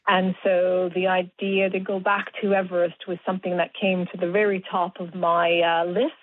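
A woman's voice: fairly low pitch, level tone. Woman speaking over a tinny phone line. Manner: measured, reflective explanations. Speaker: guest, doctor and mountaineer. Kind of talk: radio interview over the phone.

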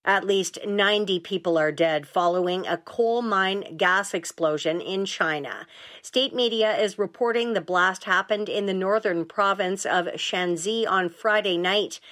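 A woman news anchor reading a radio newscast in a measured, even delivery. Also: medium pitch.

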